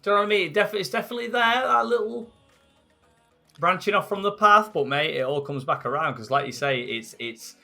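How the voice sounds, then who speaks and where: A man's voice: sits high, brisk, vocal fry, bright, forceful tone, faint music behind. A man co-hosting a podcast in casual chat, laughing and rambling, often calling his friend mate. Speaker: podcast co-host.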